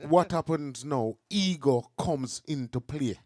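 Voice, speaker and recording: A man's voice: a little high, lively intonation, takes it slowly, a little mellow, no room sound. A middle-aged man with a Jamaican accent, explaining his views earnestly in casual podcast chat. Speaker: podcast host.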